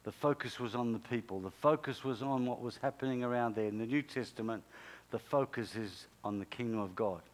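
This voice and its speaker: A man's voice: medium pitch, a little fast. A male pastor preaching a sermon in an emphatic, repetitive way, punctuated by sudden exclamations.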